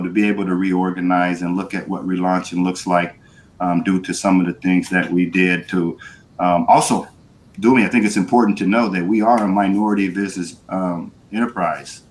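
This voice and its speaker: Man, business owner guest, very deep voice, easygoing, faint noise behind. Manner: easygoing, full of fillers. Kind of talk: casual interview chat.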